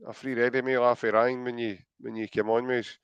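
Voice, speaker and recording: A man's voice: medium pitch, little pitch movement, fairly quick, clean tone, no echo, muffled recording. Chatty Scottish man hosting a podcast. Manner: joking, chatty, hesitant. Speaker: podcast host. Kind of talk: casual podcast chat.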